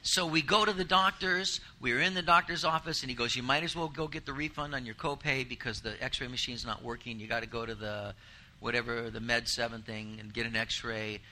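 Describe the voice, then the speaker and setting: A middle-aged man preaching a sermon as a pastor, telling a family story with self-deprecating humor, rising for emphasis and dropping quiet for asides. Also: mid-range voice, steady tone, a little fast, slight background noise.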